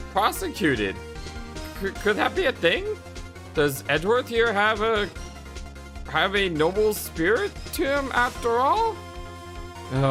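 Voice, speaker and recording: Excitable, giggly let's play host. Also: medium pitch. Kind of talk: gameplay commentary. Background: game music.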